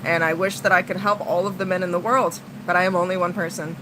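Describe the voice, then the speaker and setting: A woman's voice: fairly low pitch, steady tone, fast talker, noisy background. A woman streamer venting to her chat, blunt and profane, swinging between heated outbursts and tired sighs. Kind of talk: casual livestream venting.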